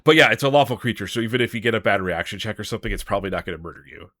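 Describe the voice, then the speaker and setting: A man with a low voice and a bright, forceful edge talks through a game module in loose casual chat. He rambles, restarts sentences and laughs easily. The sound is dry and close. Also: expressive, racing, no echo. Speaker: podcast host. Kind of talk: casual tabletop game discussion.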